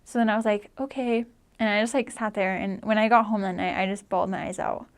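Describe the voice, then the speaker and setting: A woman's voice: medium pitch, fairly even intonation, fast talker. A woman in her twenties, a returned missionary telling her story in a chatty, emotional way and saying "like" often. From United States. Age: 20s. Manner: chatty, leans heavily on "like", emotional at times. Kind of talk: casual personal storytelling.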